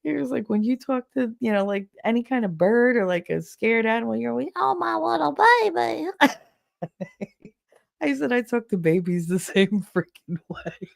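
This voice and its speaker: A woman with a naturally deep voice hosting a livestream podcast, chatting casually with her viewers and telling stories in an animated way. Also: a little fast, vocal fry. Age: adult with children. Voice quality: low deep voice. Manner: chatty, animated storytelling, laughs often. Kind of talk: casual livestream chat reading the chat.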